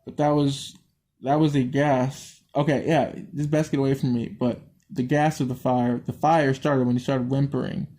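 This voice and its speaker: Man, reading a horror story aloud, stumbling and restarting, swears at slip-ups, dark mellow voice. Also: medium pitch, flat delivery, normal speed. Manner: stumbles, restarts and swears at his own misreadings. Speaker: story reader.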